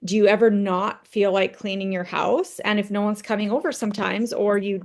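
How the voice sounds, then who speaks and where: A woman's voice: mid-range voice, fairly even intonation, normal speed. A woman leading a team training session in a conversational motivational style, telling personal stories and checking in with "right?". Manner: conversational, tags points with "right?"; tells personal stories to make points.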